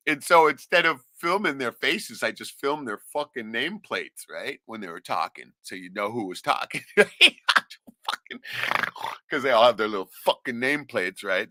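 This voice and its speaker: A man's voice: mid-range voice, lively intonation, normal speed, sharp tone, dry recording. A middle-aged man from Alaska telling a rambling, profane story in casual talk, laughing often and tagging lines with "right?". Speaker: vlogger.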